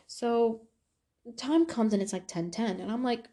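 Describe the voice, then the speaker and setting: A woman's voice: medium pitch, fairly quick, gravelly. A young woman hosts her own podcast and talks straight through a personal story. Her delivery is casual and chatty, and she keeps slipping into quoted dialogue to act out what other people said, with plenty of fillers along the way. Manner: chatty, animated retelling with quoted voices and fillers. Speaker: podcast host.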